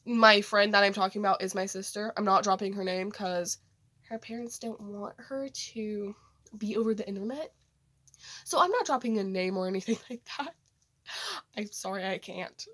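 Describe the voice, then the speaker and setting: A woman's voice: mid-range voice, moderate pace, a bit bright. A teenage girl recounts a vivid dream in a casual, rambling vlog. She corrects herself often and leans on fillers as she goes. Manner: rambling, many fillers and restarts. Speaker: vlogger.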